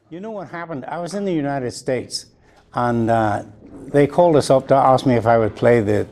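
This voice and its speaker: A man's voice: medium pitch, gravelly, heavy background noise. An older man with an Irish accent, telling joking stories to an audience with chuckles as he goes. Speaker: flutist giving a talk. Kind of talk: anecdotal storytelling to an audience.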